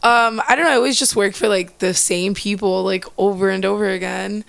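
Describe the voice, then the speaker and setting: A woman's voice: mid-range voice, fairly even intonation, brisk, vocal fry, a bit bright. A young woman in her early twenties chats as a guest in a casual interview. She tells stories in a loose, rambling way. She leans on "like" at every turn. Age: early 20s. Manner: chatty storyteller, fills with "like".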